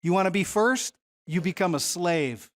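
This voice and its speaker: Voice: medium pitch, lively intonation, moderate pace. Conversational Bible teacher. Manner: conversational, asks the audience questions. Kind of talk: Bible study lesson.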